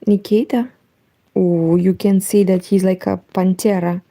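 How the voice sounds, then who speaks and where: A woman from Eastern Europe with a Romanian accent, speaking Romanian natively, chatting softly at home late at night on a knitting livestream, her voice nearly gone. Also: mid-range voice, little pitch movement, measured pace, gravelly. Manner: soft-spoken, reads chat aloud. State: nearly lost voice.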